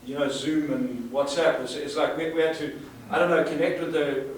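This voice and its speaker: A sales trainer speaking emphatically to a live audience, asking rhetorical questions and repeating words for effect. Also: male voice, fairly high pitch, fairly even intonation, moderate pace. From South Africa. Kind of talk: live seminar talk. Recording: echoey room, far from the mic, faint hiss.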